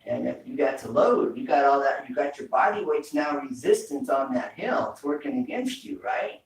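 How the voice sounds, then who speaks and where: A man's voice: mid-range voice, animated, normal speed, creaky. A man teaching a home workout, coaching breathing with repeated cues. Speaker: fitness instructor. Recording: echoey room, mic far off.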